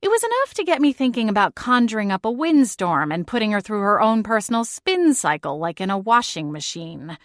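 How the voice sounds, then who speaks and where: A woman's voice: medium pitch, very animated, fairly quick, few pauses, no echo, clean studio sound. A woman narrating a cozy first-person audiobook, reading expressively and acting out exasperated dialogue.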